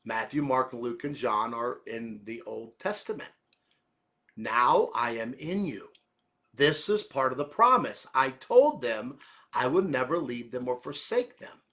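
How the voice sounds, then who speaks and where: A calm, gentle divine voice speaks low and steady, as a preacher voices it. The tone stays soft and reassuring, with a bright, clear edge to the words. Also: male voice, a little slow.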